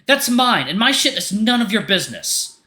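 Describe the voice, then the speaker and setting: Furious young blue jay bird-man, voiced by a man, snarling, bright and echoey. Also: very high voice, moderate pace, pitched above the performer's own voice, heavily acted. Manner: shouting, snarling, cursing. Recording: roomy echo.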